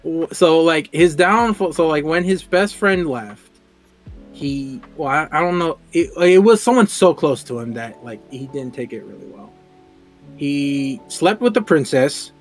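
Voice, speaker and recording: A fairly high-voiced man chatting on a casual podcast. He gets animated, laughs often and repeats words as he builds to a point. Faint music plays underneath. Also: unhurried. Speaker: podcast co-host.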